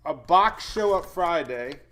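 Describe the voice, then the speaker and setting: A relaxed man talks loosely on a home livestream with his dogs around. He chats, chuckles and greets viewers one by one in a slightly raised voice. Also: fairly high pitch, a little slow. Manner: laid-back, chatty, chuckles often, greets viewers by name. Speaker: weather livestream host. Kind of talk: casual live-stream chat.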